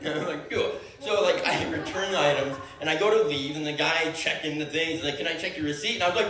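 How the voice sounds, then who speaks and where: A man's voice: on the high side, quick pace, a crowd in the background. A young man telling a comedic story to an audience, acting out the dialogue with lots of laughter. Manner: animated, acts out every line of dialogue, laughs often. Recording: echoey room, voice from a distance.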